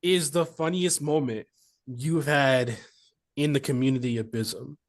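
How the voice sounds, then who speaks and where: A woman's voice: a bass voice, a little slow. A woman hosting a casual interview chat, playful, laughing through her stories. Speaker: podcast host.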